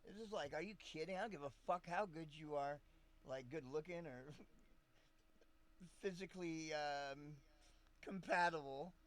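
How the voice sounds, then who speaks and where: A man's voice: a little high, a little slow, pauses often. A man chatting casually on a live stream, rambling and swearing often, laughing between thoughts.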